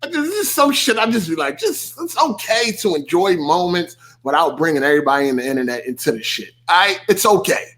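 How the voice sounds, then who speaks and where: Man, podcast host, high lively voice, casual profane rant, mocking. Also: a little fast, hardly any pauses. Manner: animated, swearing, laughing, mocking quoted voices.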